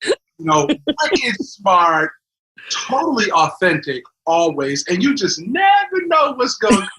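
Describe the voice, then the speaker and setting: Bright, animated male podcast host. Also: sits high, slow pace, low-quality recording. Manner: animated, enthusiastic reactions. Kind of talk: podcast interview.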